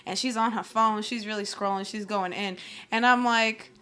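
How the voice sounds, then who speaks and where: A woman co-hosting a podcast, telling stories in a lively casual way and swearing freely. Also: mid-range voice, moderate pace, clear, resonant tone. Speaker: podcast co-host. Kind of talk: casual chat.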